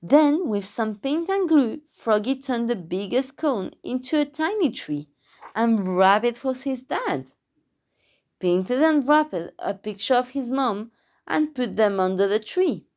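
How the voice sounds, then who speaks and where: A woman reading a children's storybook aloud, expressive and adding sound effects. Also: on the high side, unhurried.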